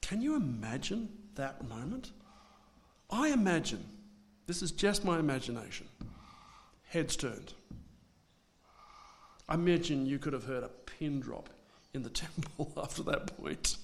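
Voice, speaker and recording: A man preaching a sermon, swinging between loud dramatic declarations and hushed asides. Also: a little high, big pitch swings, unhurried, gravelly, long pauses.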